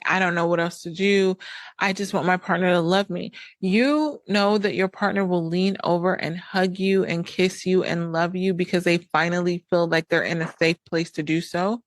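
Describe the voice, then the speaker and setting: A woman's voice: lowish voice, dry recording. A woman podcast host and coach giving direct relationship advice in a blunt, emphatic monologue, repeating points for weight.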